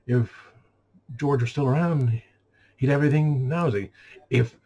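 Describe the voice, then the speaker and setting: Husky sarcastic man ranting. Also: medium pitch, moderate pace, pauses often, mellow. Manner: sarcastic and exasperated, mimics customers. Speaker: store clerk venting. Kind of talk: casual rant.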